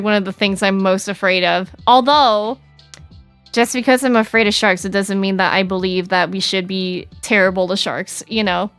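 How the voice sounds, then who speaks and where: A woman's voice: on the high side, a bit bright, no echo. A young adult woman streaming, chatting casually with her chat in a bubbly, giggly, rambling way.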